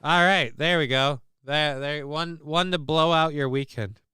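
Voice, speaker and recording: A man's voice: fairly high pitch, fairly even intonation, measured pace, pushed and bright, clean tone, no echo, studio quality. A man hosting a livestream show, chatting casually with a profane, sarcastic, rambling manner.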